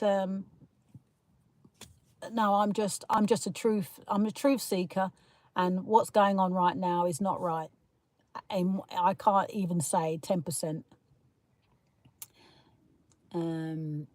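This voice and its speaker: A woman's voice: on the low side, a little mellow. A woman hosting a casual livestream, rambling through her opinions, laughing often and greeting viewers as she reads their comments. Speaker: livestream host reading chat comments.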